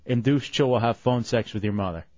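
A man's voice: medium pitch, a little fast, no echo, muffled recording. Crude joking male radio host. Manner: crude, joking, loud when announcing. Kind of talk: casual radio banter.

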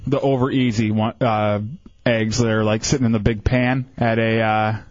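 A man's voice: lowish voice, level tone, moderate pace, dry recording, highs cut off. A man co-hosting a casual late-night radio show, laid-back and easygoing, with many hesitant fillers. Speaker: radio co-host.

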